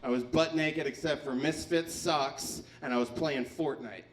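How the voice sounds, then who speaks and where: A man in his thirties works through a stand-up set, his voice sitting a little high for a man. He tells crude, self-deprecating stories and now and then bursts into loud shouts. It is a live stage performance into a mic on a stand. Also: unhurried. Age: 30s. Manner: profane, self-mocking storytelling with sudden shouted bursts. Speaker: stand-up comedian. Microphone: handheld mic on a stand.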